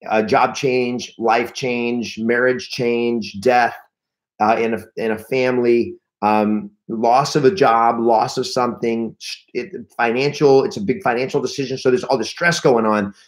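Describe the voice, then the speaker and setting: Man, mid-range voice, live-stream coach, energetic, storytelling, repeats words. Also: medium pitch, measured pace. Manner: energetic, storytelling, acts out panicked reactions; restarts and repeats words often. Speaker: real estate trainer.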